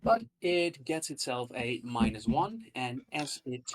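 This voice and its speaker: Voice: mid-range voice, sing-song, measured pace. A game master narrating a tabletop game, hesitant with frequent fillers.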